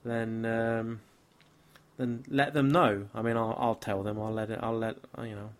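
A man's voice: on the low side, level tone, measured pace. A tired, slightly tipsy man hosting a casual podcast, talking in a weary, grumbling, self-mocking way. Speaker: podcast host.

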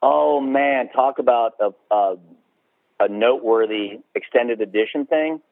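Slightly slow and creaky, a man with a mid-range voice co-hosts a podcast from his rural home. He rambles and curses through a casual movie review, mocking scenes in put-on voices, over a dry, tinny line that sounds like a phone.

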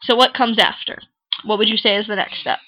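A woman's voice: mid-range voice, fairly even intonation, a little fast, highs cut off. A young woman co-hosting a podcast in frank, jokey casual chat, laughing often. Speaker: podcast co-host. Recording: poor sound quality.

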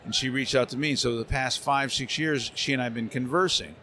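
A man talks with a voice actor's lively, animated delivery, now and then dropping into character voices mid-story. He sits in a convention center hall with a faint crowd hum behind him, at an ordinary middle pitch. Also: fairly quick. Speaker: voice actor guest.

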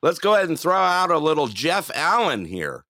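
A man's voice: a little high, sing-song, moderate pace, bright, forceful tone, dry recording, clean studio sound. A man hosting a casual radio show, chatty and laughing often, with plenty of fillers.

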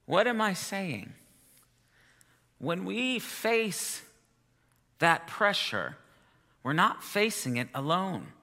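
Bright-voiced preacher man in a hall. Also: high voice, big pitch swings, takes it slowly, pauses often. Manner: chatty, self-amused storytelling with laughs. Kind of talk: sermon with personal story. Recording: long reverb of a hall.

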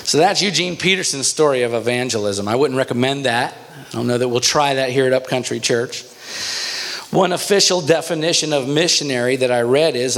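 A man, a church pastor, telling a story in a sermon in an animated, storytelling way. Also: mid-range voice, fairly quick.

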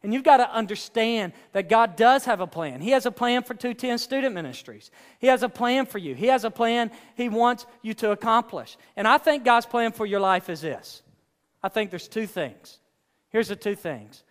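A young man, a youth pastor, giving a casual, joking sermon in a church room, telling stories with quick asides. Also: high voice, animated. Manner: chatty storyteller, quick asides and jokes. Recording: echoey hall.

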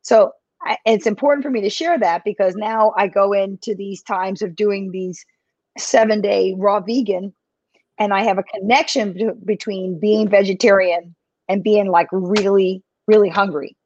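Woman health coach, chatty and animated, for a live podcast interview; dull, dry lo-fi recording. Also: medium pitch, moderate pace, no room sound. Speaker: health coach and business owner.

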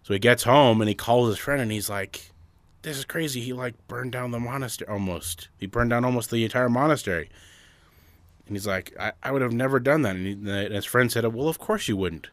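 A man's voice: mid-range voice, brisk, dry recording. A man telling long shaggy-dog pun stories in casual chat, rambling and restarting often. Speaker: joke teller.

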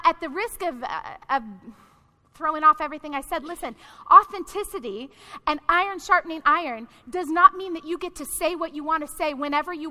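A woman pastor preaches in a direct, conversational way, her voice very high and strikingly bright. It rings out with a long hall reverb, as if from a church sanctuary. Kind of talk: sermon.

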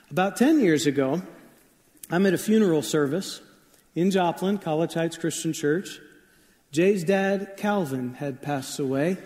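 High-voiced pastor in a reverberant hall. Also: male voice. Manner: relaxed storytelling with fillers and asides. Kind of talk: conversational sermon. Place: church sanctuary.

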